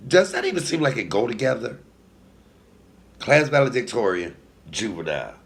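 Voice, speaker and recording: His gravelly, medium-pitched voice moves at a normal pace as this forties-aged comedian relates a personal story. Animated and sassy, he laughs at his own lines, speaks straight to viewers, and jumps from hushed asides to loud outbursts.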